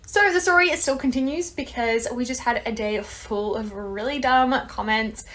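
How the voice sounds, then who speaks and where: An Australian woman with a fairly high voice telling a story. She drops into quoted lines as she goes, keeping a casual tone. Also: normal speed. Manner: animated, acts out what others said.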